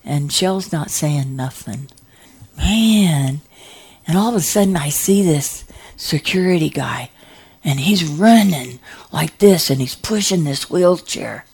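A woman telling a comic personal story, animated, dropping into hushed whispered asides. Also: deep voice, takes it slowly, husky.

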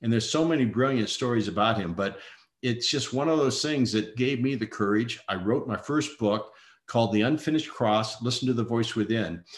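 In a roomy-sounding recording, a middle-aged father shares an emotional personal testimony at moderate speed and medium pitch. He tells it earnestly, performing the voices of the people involved.

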